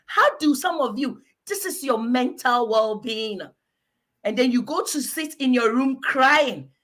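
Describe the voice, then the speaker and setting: A woman from Africa, a guest giving animated, emphatic advice in a preachy, exhortative manner. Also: sits high, unhurried.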